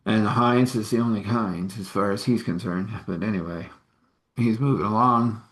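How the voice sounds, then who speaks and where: A man's voice: fairly low pitch, moderate pace. A man casually telling a story, rambling with conversational asides.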